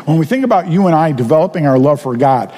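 A man's voice: a little high, animated, fast, dark tone. Earnest preaching man, reverberant hall. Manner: earnest, conversational preaching with rhetorical questions. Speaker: pastor. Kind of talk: sermon.

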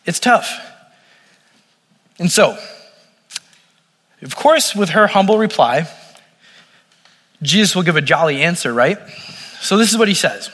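A man's voice: high-pitched, lively intonation, a little slow, long pauses, a bit bright, long reverb tail. A man preaching a sermon to a room, in a casual, conversational way with lots of fillers. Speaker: pastor. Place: room with audience.

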